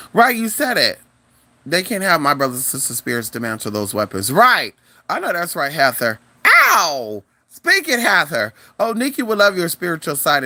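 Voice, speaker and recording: Animated, swearing livestream spiritual advisor. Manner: animated, swears freely, calls viewers "y'all" and "honey"; swings into high exclamations. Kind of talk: casual livestream chat with viewers.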